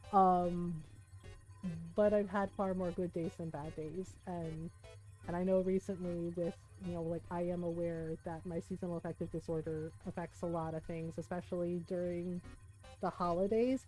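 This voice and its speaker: Mellow-voiced woman telling a story on stream. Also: fairly low pitch. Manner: animated retelling, acts out quoted people; many fillers like 'right?' and 'like'. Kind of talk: casual storytelling chat to stream viewers.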